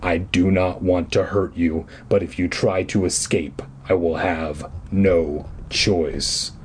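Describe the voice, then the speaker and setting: A man's voice: steady tone, slight background noise. A man growling as a menacing caped stranger. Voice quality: low growl, slow and threatening.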